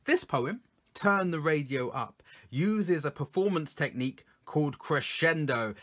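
A man reading his poems aloud for children, coaching listeners to join in and swinging from loud calls to soft whispers. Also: a little high, expressive, a little slow. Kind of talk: performance poetry reading for children.

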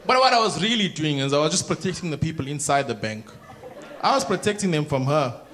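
A South African man doing a stand-up comedy routine on a theatre stage, telling animated stories and acting out other people. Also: on the high side, quick pace. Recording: roomy theatre sound with crowd noise. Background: laughing audience.

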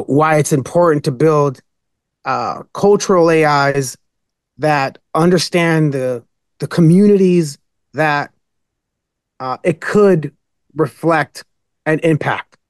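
Man, slightly high voice, rambling, emphatic, dry close sound. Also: takes it slowly, clear, resonant tone, dry recording. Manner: rambling, many fillers and restarts, emphatic. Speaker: guest. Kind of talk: casual podcast talk, storytelling.

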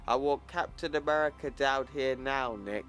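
A man's voice: mid-range voice, moderate pace, a bit bright, soft background music, close to an everyday voice. A man reading lines for a frightened, angry young woman on the phone, in his own voice. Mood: panicked.

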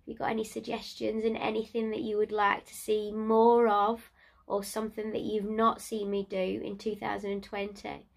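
A woman's voice: medium pitch, completely flat delivery. Worn-out, nasal woman, ill in bed. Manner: tired, breathy and halting, trailing off. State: ill and exhausted, weak voice. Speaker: vlogger. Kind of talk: casual video diary. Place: in bed at home.

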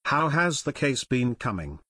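A concerned middle-aged company owner, voiced by a male narrator, earnest and businesslike at a middle pitch. The recording is dry and close. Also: very animated, unhurried, bright, forceful tone, slightly rough, dry recording, exaggerated voice.

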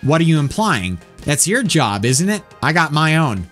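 A man's voice: a little high, big pitch swings, moderate pace, fairly bright tone, soft background music. A man voicing a male electronics shop owner who is salesy and evasive.

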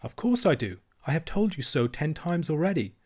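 A man's voice: a little high, sing-song, moderate pace, a little mellow, voice pushed up. A man reading aloud and voicing a young princess girl who is earnest and insistent, speaking with a raised, eager voice.

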